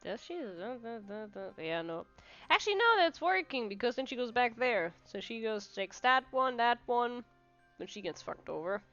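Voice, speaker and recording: A woman's voice: fairly high pitch, sing-song, normal speed, fairly bright tone. A woman streaming a puzzle game, muttering her moves aloud and swearing at mistakes. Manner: mutters while solving puzzles, swears, laughs often. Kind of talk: casual game commentary. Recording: dull lo-fi mic with game music.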